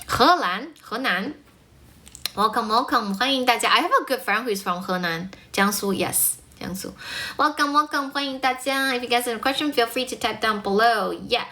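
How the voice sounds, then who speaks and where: A woman's voice: fairly high pitch, normal speed, sharp tone. A woman from China with a mostly American accent, a chatty English speaking teacher who greets viewers and laughs easily on a live stream.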